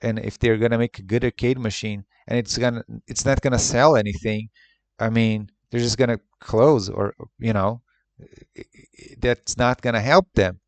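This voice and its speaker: A man's voice: mid-range voice, fairly even intonation, normal speed, dry recording. A man ranting in an unscripted monologue, profane and exasperated, rambling with lots of restarts. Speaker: retro gaming YouTuber.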